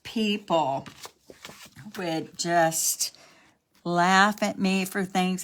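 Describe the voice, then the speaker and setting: A woman in her sixties with a faint Texas accent talks slowly and comfortably while she builds cards in her home craft room. She wanders off into friendly asides and jokes at her own expense, like a chatty live crafting host speaking to a camera on a stand. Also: mid-range voice, animated, fairly bright tone. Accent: slight Texas. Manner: chatty, rambling, self-deprecating asides. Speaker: craft demonstrator. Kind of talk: live card-making demonstration. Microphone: camera on a long arm stand.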